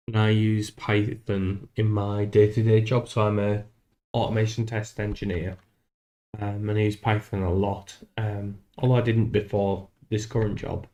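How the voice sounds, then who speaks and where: A man streaming live while coding a game, thinking aloud in a halting, self-deprecating way. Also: on the low side, mellow.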